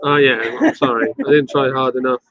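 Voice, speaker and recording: A man's voice: mid-range voice, steady tone, brisk, fairly bright tone, no echo, lo-fi sound. A man hosting a casual live stream from a bottle shop, rambling and chatty as he greets viewers and reads comments.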